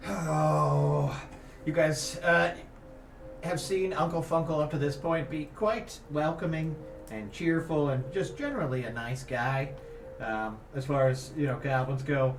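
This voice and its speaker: A man's voice: a little high, a little slow, echoey room, recorded from a distance, faint music behind. A man playing in a tabletop game, describing his character and laughing often. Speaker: player. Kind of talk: casual game chat.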